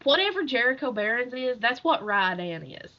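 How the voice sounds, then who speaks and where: In a casual book chat, a woman co-hosting the podcast retells a story very animatedly at normal speed, laughing often in a slightly high voice. The recording is dull and lo-fi.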